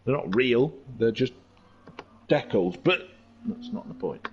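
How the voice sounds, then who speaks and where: Excitable race commentator, lively pitch. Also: male voice, unhurried, breathy edge, lo-fi sound. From England. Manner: excitable, jokey, tangent-prone. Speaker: sim racing commentator. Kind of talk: live race commentary with rambling jokes.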